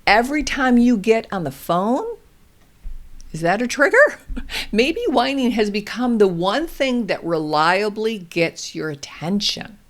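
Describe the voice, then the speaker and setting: Calm lady talking slowly about toddlers, gentle and measured, podcast host vibe. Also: mid-range voice. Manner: gentle, measured, explains with example phrases. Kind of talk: calm instructional advice talk.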